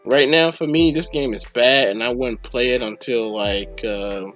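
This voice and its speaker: Male podcast host, casual rambling rant, mid-pitched voice, dull lo-fi sound, faint music behind. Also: measured pace, a bit bright. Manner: rambling, acts out his own reactions. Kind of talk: casual game review rant.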